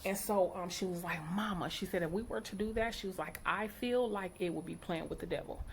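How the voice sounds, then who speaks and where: A middle-aged woman, a mother, tells a story to her viewers, animated and outspoken, and slips into each person's voice as she quotes them. Her voice sits on the low side for a woman. A faint background noise runs under the recording. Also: fairly quick. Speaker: vlogger, mother.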